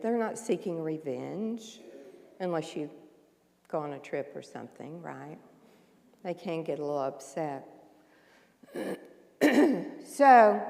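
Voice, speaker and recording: An older woman minister delivering a folksy, conversational sermon, often clearing her throat. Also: medium pitch, darkish tone, big-room sound. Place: church sanctuary.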